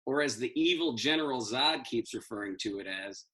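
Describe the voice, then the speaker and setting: A man's voice: medium pitch, lively intonation, brisk, a bit bright, natural voice. A man playing Superman as a cranky, profane stand-up comic ranting about quarantine. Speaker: stand-up comedian in costume. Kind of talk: in-character stand-up.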